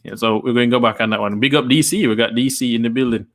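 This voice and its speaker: A man's voice: mid-range voice, quick pace, a bit bright. Earnest man hosting a live stream. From Jamaica. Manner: earnest, persuasive, repeats words as he builds a point. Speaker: host and investor. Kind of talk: live stream talk reading viewer comments.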